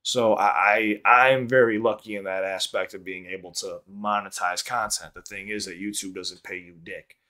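Man, low voice, casual livestream chat, rambling, restarts, swears freely, home stream setup. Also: fairly even intonation, moderate pace, hardly any pauses, bright, forceful tone. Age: under 50. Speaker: livestream reaction host.

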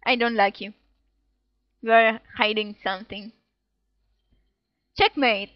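Unhurried and given to long pauses, this woman's voice sits on the high side. She offers casual, giggly commentary while playing, reading game text aloud in silly little voices, in a dull, dry home recording without room sound.

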